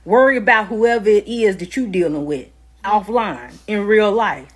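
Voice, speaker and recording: A woman's voice: mid-range voice, moderate pace. A woman in a casual rant, speaking in a blunt, emphatic and dismissive way.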